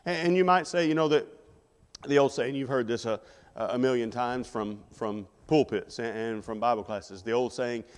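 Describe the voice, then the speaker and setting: A man's voice: medium pitch, normal speed, clear, resonant tone, in a large hall. A man preaching a sermon in a conversational way, putting rhetorical questions to the congregation. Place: church sanctuary.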